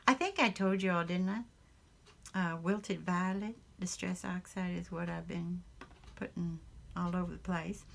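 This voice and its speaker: A Southern US woman talks slowly in a low, gravelly voice while she works on a craft project at home. She wanders from thought to thought, chuckling and stopping for ums along the way. It sounds like easy, casual chat from a home craft room. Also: fairly even intonation. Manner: rambling, chuckling, with many ums. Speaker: craft vlogger.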